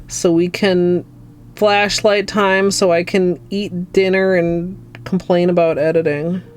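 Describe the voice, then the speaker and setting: A woman from Minnesota with a Minnesotan accent, chatting softly and rambling to her livestream chat. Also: lowish voice. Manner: soft-spoken and rambling, talking to chat. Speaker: nail art streamer.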